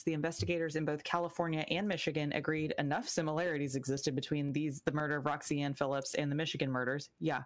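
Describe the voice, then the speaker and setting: A woman co-hosting a casual true crime podcast, retelling the case bluntly with swearing and sarcastic asides. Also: low-pitched. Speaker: podcast co-host.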